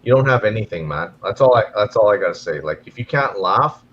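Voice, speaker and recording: A man with a Canadian accent talks in a rambling, stammering way, repeating words as he goes. His voice sits low. The sound is dull and lo-fi with a faint hiss behind him. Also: lively intonation, fairly quick, a bit bright. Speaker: guest in a live stream chat. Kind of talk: casual chat.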